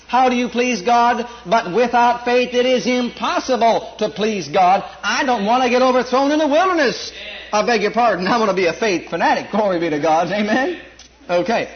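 A man preaching a sermon and reading scripture, stressing and repeating key words and dropping into quieter asides. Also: normal speed, dull audio. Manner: emphatic, repeats words, swings from low asides to loud stressed lines.

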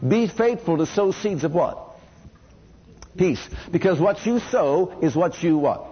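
A man's voice: sits high, expressive, unhurried, dull audio. A man preaching a sermon who keeps asking the congregation questions and has them repeat lines back to him.

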